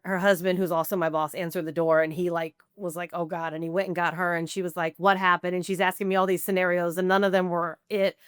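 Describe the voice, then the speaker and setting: A woman's voice: on the low side, a bit bright, smooth, dry recording, clean studio sound. A woman in her forties, a podcast guest, telling a candid personal recovery story in a conversational way, full of "like" and quoted self-talk.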